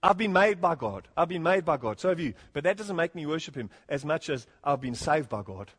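A man's voice: on the high side, sing-song, a little fast, fairly bright tone, husky. Earnest preacher man, long hall reverb. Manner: earnest, rising to emphatic, chuckles often. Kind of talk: expository sermon.

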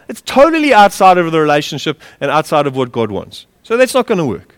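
A man preaching a sermon, impassioned and lively, with chuckles as he tells stories. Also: high voice, moderate pace. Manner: impassioned, with a lively rise and fall; chuckles while telling stories. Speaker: pastor. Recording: long reverb of a large hall.

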